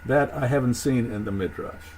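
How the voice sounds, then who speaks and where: A man giving a thoughtful lecture on Jewish texts, halting and restarting as he explains. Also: mid-range voice, darkish tone, slight background noise, rough recording. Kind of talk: recorded lecture.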